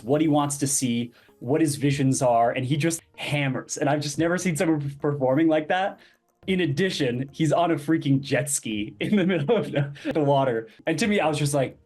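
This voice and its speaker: A man's voice: fairly high pitch, moderate pace, a little mellow. Guy on a podcast telling a story, acts out the quotes, bit of music faint behind him. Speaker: podcast guest, crypto project founder. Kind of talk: casual interview storytelling.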